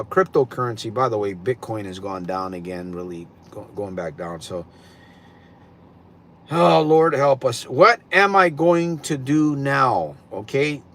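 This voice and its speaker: A middle-aged man talks off the cuff on his own livestream, circling back and repeating his points for emphasis. His pitch sits fairly high and swings a lot. The tone is bright and forceful. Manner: rambling, emphatic, repeats himself. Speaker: livestream host. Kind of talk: casual livestream talk.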